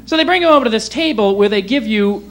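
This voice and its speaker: A high-voiced male stand-up comedian performs a set, speaking fast with lively intonation. He is wry and sarcastic, slipping into mock voices, in a 1980s cable TV recording from a comedy club.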